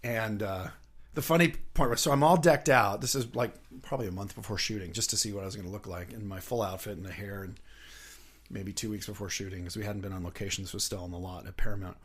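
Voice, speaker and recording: Lively middle-aged man telling stories. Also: fairly low pitch, husky. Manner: lively, rambling, quick to laugh. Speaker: interview guest. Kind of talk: casual anecdotal storytelling.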